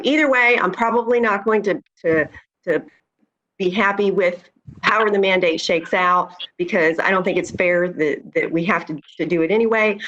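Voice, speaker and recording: A woman commissioner giving her view at a public meeting, hesitant with many pauses and restarts. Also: fairly low pitch, a bit bright. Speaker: county commissioner. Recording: dull lo-fi sound.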